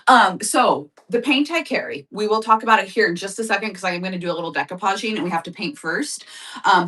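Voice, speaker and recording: A woman's voice: fairly low pitch, a bit bright, far from the mic. A woman hosting a live craft-supply sale, chatting casually and upbeat with viewers. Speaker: live shopping host. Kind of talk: casual live-stream sales chat.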